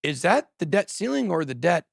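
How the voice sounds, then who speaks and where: A man hosting a casual crypto livestream, talking quickly and jokily, often trailing off mid-thought. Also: high voice, sing-song, vocal fry, no echo, studio quality. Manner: rambling, quick, jokey, trails off. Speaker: crypto show host.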